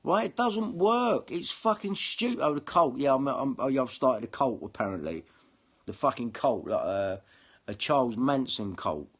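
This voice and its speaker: A man's voice: mid-range voice, lively intonation, moderate pace, fairly bright tone, slightly rough. A man ranting to camera, swearing heavily and combative, often repeating himself. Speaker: online video commentator. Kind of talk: angry ranting monologue to camera.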